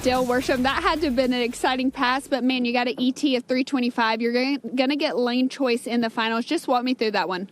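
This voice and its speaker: Brief: high, quick Southern woman, track-side reporter, faint noise behind. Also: steady tone, faint music behind. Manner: upbeat, direct questions. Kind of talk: post-race interview.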